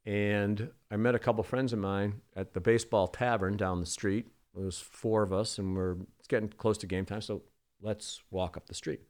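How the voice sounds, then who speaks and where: A man's voice: on the low side, steady tone, normal speed, a little mellow. A middle-aged man from the Boston area, a sportscaster guest, telling rambling anecdotes full of ums in a casual interview.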